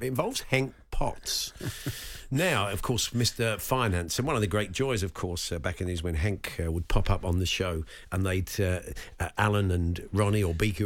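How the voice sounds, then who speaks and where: A male sports radio host bantering and laughing often with his co-host. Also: on the low side.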